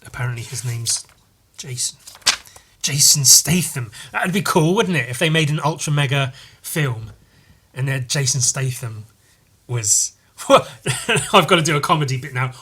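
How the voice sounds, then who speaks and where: A man's voice: mid-range voice, lively intonation, unhurried, pushed and bright, husky. A man hosting a podcast, reading through a comic book in a casual, rambling, sweary way. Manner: rambling, sweary, laughing often. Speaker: podcast host.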